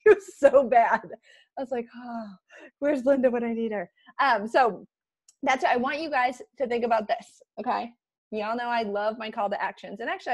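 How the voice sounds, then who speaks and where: A young woman leading a casual motivational team call over a computer mic, chatty and excitable with quick asides. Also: fairly high pitch.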